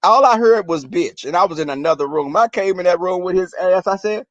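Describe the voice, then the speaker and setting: A man rants casually to his viewers, telling crude, profane stories with lots of animation and acting out arguments in a shrill voice. He talks a little fast, and the recording is muffled with no echo.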